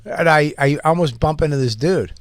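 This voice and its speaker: A man telling a wild story as a comedy podcast guest, animated, acting out shouted quotes and laughing often. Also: a little high, moderate pace, noisy background. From Boston.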